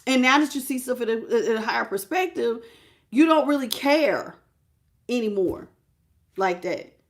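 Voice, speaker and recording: A woman's voice: fairly high pitch, lively intonation, normal speed. Chatty woman giving a tarot reading. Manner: casual, chatty, talks straight to the viewer. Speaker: tarot reader. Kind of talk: live tarot reading with chat greetings.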